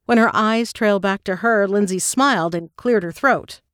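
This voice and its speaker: A woman reading scripted narration in a measured, descriptive way. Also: medium pitch, fairly bright tone, no room sound. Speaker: audiobook narrator.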